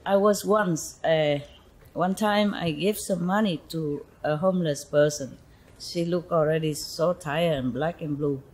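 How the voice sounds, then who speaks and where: Woman spiritual teacher, informal talk, husky, lowish voice, laughs often. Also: measured pace, darkish tone, low-quality recording. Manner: chatty storytelling, frequent laughter, asides like "you know".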